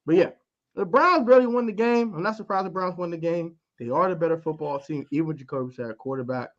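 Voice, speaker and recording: A man doing animated sports banter, mocking players in a theatrical way, his loudness swinging from quiet to loud. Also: on the high side, quick pace. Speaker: co-host. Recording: dull lo-fi audio.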